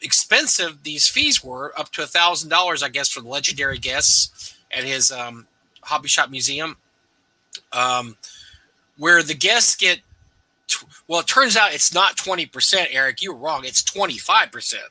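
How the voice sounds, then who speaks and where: A man's voice: a little high, expressive, normal speed, sharp tone, no room sound. A man co-hosting a casual live stream, telling rambling self-deprecating stories. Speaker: co-host. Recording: dry, distant from the mic.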